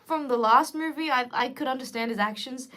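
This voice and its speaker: Fast-talking young woman streaming a chat. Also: high voice. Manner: chatty and animated, switching between English and Korean. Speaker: livestream host. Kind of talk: casual livestream chat.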